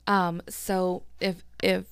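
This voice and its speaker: A young woman hosts her own podcast, talking loosely and warmly to listeners as if catching up with a friend. Her voice sits low with a gravelly fry, and her speech is packed with "like" and "um" as she gushes. The sound is dry and close, with no room around it. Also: little pitch movement, extremely slow, dry recording. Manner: chatty, filler-heavy, 'like' and 'um' everywhere; gushing and affectionate with listeners. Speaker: podcast host. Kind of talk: casual solo podcast chat.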